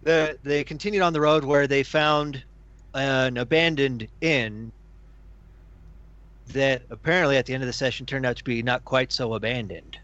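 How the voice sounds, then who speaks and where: A man's voice: mid-range voice, fairly even intonation, moderate pace, fairly bright tone, dry recording. A man recapping the last tabletop game session, searching for words. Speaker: player. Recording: dry, dull lo-fi sound.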